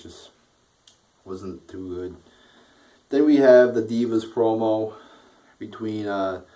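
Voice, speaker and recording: In poor-quality audio, a man with a low, darkish voice reviews a wrestling show bluntly and crudely, swearing a lot. He rambles casually in a bored, dismissive tone.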